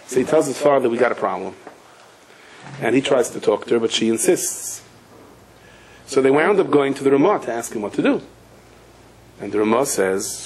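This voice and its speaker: Rabbi spinning a story, acts out all the voices, mixed in. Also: male voice, medium pitch, moderate pace, crowd noise, poor audio. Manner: animated storyteller, acts out quoted voices, cries out at climaxes. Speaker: rabbi giving a Torah class. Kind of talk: storytelling lecture.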